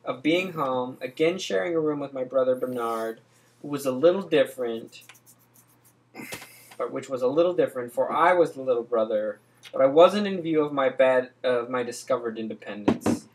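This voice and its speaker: A man's voice: mid-range voice, lively intonation, normal speed, darkish tone, poor audio. A man casually reading a book aloud with some stumbles, joking between passages. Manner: reads stiffly, slips on words.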